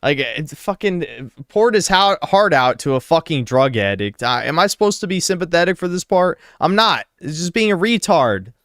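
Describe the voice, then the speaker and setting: A man's voice: fairly high pitch, big pitch swings, normal speed, few pauses, a bit bright, no room sound, studio quality. A man hosting a live reaction stream, commenting bluntly and mockingly with lots of swearing.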